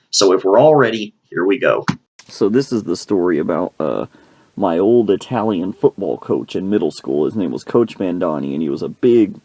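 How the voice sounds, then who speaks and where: A male podcast host telling a comic story from his own life in an animated, slangy way. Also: fairly low pitch, no room sound.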